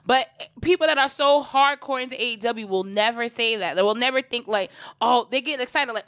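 A woman's voice: on the high side, normal speed, fairly bright tone. A woman co-hosting a casual podcast, talking bluntly and swearing as she rants. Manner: blunt, exasperated, swears often. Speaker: podcast co-host.

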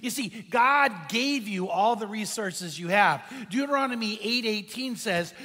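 A man's voice: animated, unhurried, sharp tone, long reverb tail. A man preaching a sermon as pastor, his voice swinging up and down for emphasis. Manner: impassioned preaching, pitch and volume swinging for emphasis.

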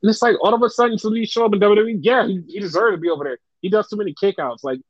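Speaking rapid-fire in a high voice, a young man co-hosts a laid-back wrestling podcast, cursing often and parodying fans with exaggerated voices. The audio is dry and slightly dull, with no echo.

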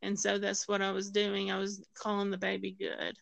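A woman's voice: mid-range voice, completely flat delivery, moderate pace, creaky, a bit bright, no room sound, low-quality recording. A woman telling a personal story as a guest, acting out the voices of others and using many fillers and restarts. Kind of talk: personal testimony in conversation.

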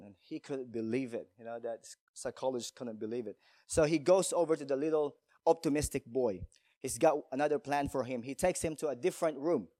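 A man's voice: mid-range voice, brisk, warm tone, no room sound, studio quality. A male pastor preaching a sermon in a church, emphatic, telling stories and asking rhetorical questions.

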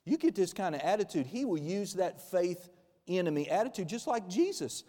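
Fiery forties pastor, slightly high voice, shifting between loud and hushed, in a reverberant hall. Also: male voice, sing-song, normal speed. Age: 40s. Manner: emphatic, swings from loud bursts to quiet intimate asides. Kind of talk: sermon.

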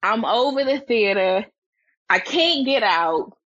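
A woman telling a story as a podcast guest, animated and expressive, her voice climbing higher when she gets excited. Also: slow pace, breathy edge, no echo, dull audio. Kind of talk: animated storytelling in casual chat.

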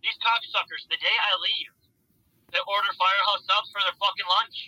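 A young man in a band tells a rowdy tour story, swearing as he acts out each friend's lines. His voice sits high and very bright. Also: moderate pace, no room sound, low-quality recording. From Central Wisconsin. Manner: animated, profane storyteller acting out voices. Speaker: band member. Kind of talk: casual storytelling chat.

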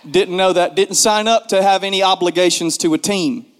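A man telling a comic story in an animated, self-mocking way, repeating words for emphasis. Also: sits high, moderate pace. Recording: long hall reverb.

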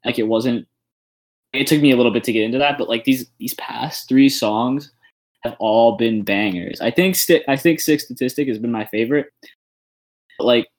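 A man's voice: mid-range voice, normal speed. Rambling young man talking music. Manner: rambling, lots of "like" fillers. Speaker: podcast co-host. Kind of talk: casual music review chat.

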